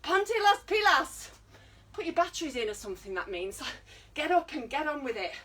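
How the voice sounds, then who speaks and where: A woman's voice: fairly high pitch, big pitch swings, fast talker, breathy edge, recorded from a distance, poor audio. A British woman leading an online exercise class, encouraging and counting down while working out herself and getting out of breath. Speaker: fitness instructor.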